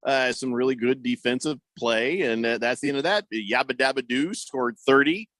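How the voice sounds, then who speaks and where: A man's voice: mid-range voice, moderate pace, a bit bright, dry recording. A man hosting casual sports radio banter, joking and reading out listener messages on a studio microphone. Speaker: radio host.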